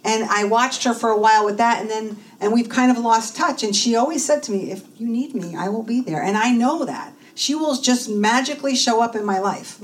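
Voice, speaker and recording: A woman's voice: on the high side, brisk, hardly any pauses. A woman in her fifties giving a personal testimony at church, telling her story and acting out the voices of people she quotes. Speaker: church speaker and minister in training. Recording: voice from a distance in a room, faint noise.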